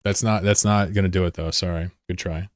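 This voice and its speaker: A male streamer from the United States with a low, deep voice. He talks in a loose, rambling way and cracks jokes while answering his chat. The recording is close and dry, with no room sound. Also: fairly even intonation, brisk, no echo. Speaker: live streamer. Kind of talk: casual live-stream chat.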